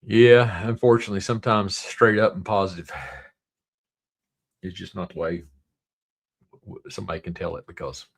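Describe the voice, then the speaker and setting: A man's voice: low voice, fairly even intonation, moderate pace, creaky, pauses often, husky. A man with a Southern drawl hosting a casual livestream, rambling along and reading viewer comments aloud. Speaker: livestream host.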